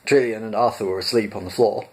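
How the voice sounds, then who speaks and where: A man's voice: fairly low pitch, fairly even intonation, fast. Chatty man reading aloud. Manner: rambling, chatty, with fillers. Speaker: storyteller, channel host. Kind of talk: casual book reading and chat.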